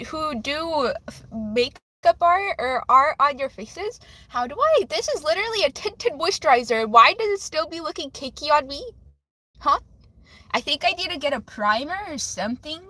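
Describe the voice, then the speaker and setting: A woman's voice: high-pitched, pushed and bright, low-quality recording. A young woman hosting a live stream, chatting casually with viewers, giggling often and restarting her sentences with lots of fillers. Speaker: livestream host.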